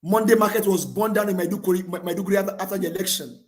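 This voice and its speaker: A man's voice: high voice, rapid-fire. A man in his thirties with a Nigerian accent, calling in with fervent, repetitive political commentary. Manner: fervent, repetitive, rising to shouts. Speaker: caller.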